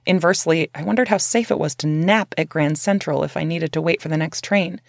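A woman's voice: low voice, brisk, creaky, no echo, clean studio sound. A woman reading her memoir aloud as narrator, in a candid, conversational way with casual swearing.

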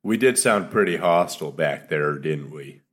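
A man's voice: rumbling low, expressive, normal speed. A young man describing his character's actions in a tabletop game, easygoing and hesitant. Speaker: player. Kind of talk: casual tabletop role-play.

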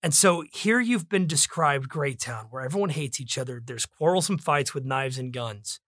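Bright, emphatic male podcast host. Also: mid-range voice, lively intonation, normal speed, dry recording, studio quality. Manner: emphatic, preacher-like. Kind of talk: book discussion podcast.

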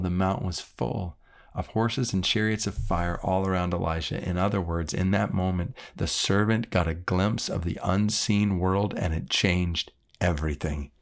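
A man's voice: mid-range voice, a bit bright. A man who is a pastor, reading scripture and then leading an earnest, reflective prayer.

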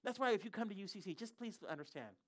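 Pastor preaching, animated storytelling, lots of "i, i" restarts, average pitch. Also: quick pace. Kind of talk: sermon.

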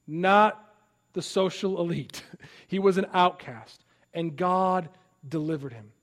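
A male pastor with a high-pitched voice preaches with emphasis. He often restarts his thoughts and repeats words as he presses each point home. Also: slow pace. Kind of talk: sermon.

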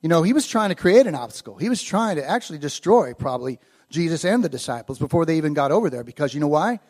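A man's voice: fairly high pitch, big pitch swings, fast, darkish tone. A man preaching a casual storytelling sermon, acting out quoted lines with growing animation. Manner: conversational, acts out quoted lines with rising animation.

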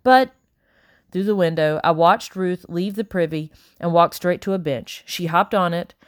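A woman narrating a novel in the first person, steady and measured. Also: on the low side, no echo, clean studio sound. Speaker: audiobook narrator.

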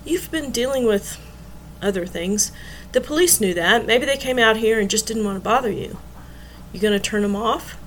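Brief: a woman as a soft-spoken, cautious young woman. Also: on the high side, moderate pace, a little hiss or hum, lightly acted. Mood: gentle.

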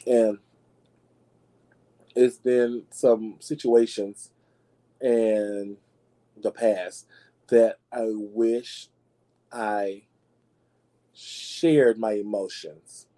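Sassy man dishing gossip, mellow tone. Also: steady tone, very slow, long pauses, low-quality recording. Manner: sassy, dramatic, addresses listeners as y'all; swoops into high squeals for emphasis. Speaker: podcast host. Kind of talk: casual gossip commentary.

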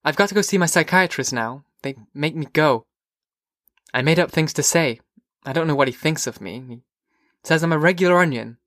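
A man's voice: on the high side, normal speed, fairly bright tone, no room sound, clean studio sound, natural voice. A man voicing a whimsical teenage girl. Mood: wondering. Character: curious whimsical teenage girl, gentle and teasing. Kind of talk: audiobook character voice.

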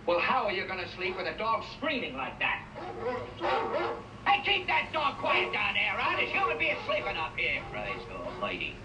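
A man's voice: sits high, wildly swooping pitch, normal speed. An actor playing a frazzled middle-aged New York man who is cracking up, ranting and complaining in a film clip. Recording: roomy distant film audio with faint noise.

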